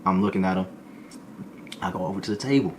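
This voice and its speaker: A man with a low voice rattles through a story at a quick clip. He talks in loose, slangy bursts and sometimes jumps into other people's voices. A faint background hum sits under the recording. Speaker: streamer telling a story. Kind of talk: casual storytelling.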